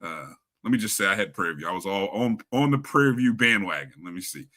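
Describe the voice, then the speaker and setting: A man with a lowish voice talks quickly and with lots of animation while co-hosting a casual live sports talk stream. He greets viewers in the chat one at a time, calling them out by name in an upbeat, chatty way.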